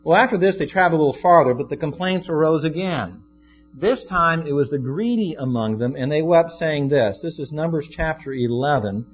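A man's voice: fairly high pitch, animated, a little fast, husky. A man preaching a sermon as a pastor in a conversational, storytelling way. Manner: conversational, shifts into acted quotes. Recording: dull lo-fi with faint guitar.

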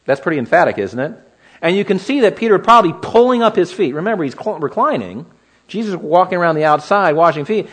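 A male preacher works through a passage verse by verse in an expository sermon. His delivery is animated, and his pitch rises and falls widely. He keeps asking the listeners rhetorical questions. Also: quick pace, husky.

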